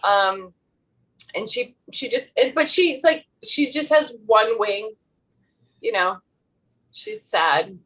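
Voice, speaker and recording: A woman's voice: fairly high pitch, slow pace, pauses often, fairly bright tone, breathy edge. A woman guest on a video call, telling a meandering story in a casual interview chat. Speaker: nominated actress guest. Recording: distant from the mic.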